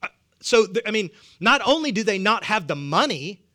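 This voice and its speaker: A man's voice: high voice, sing-song, moderate pace, sharp tone. A man with a Southern US accent preaching a sermon, humorous and conversational, chuckling often. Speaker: pastor.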